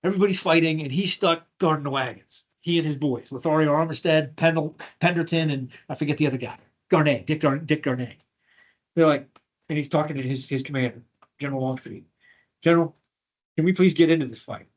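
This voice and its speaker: A man's voice: a little high, steady tone, a little fast, dull audio. A man teaching a history class, telling a battle story with strong feeling and acting out the quotes. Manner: emotional storytelling, acts out quotes.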